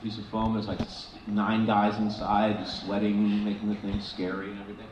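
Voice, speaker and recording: Speaking at a normal pace on a convention stage, a male panel guest tells stories in a casual Q&A, laughing and restarting his sentences often in an animated way. His mid-pitched voice comes through a handheld mic sounding dull and lo-fi in this noisy fan recording. The roomy hall echoes, and the loud crowd is clearly audible behind him.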